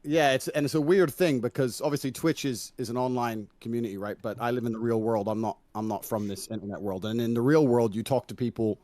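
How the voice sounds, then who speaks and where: Man, middle-aged, mixed british-american accent, lecturing and mocking, fast talker, dry close sound over a video call. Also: medium pitch, fairly even intonation, darkish tone, no room sound. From United Kingdom. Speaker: debate guest. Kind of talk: heated stream debate.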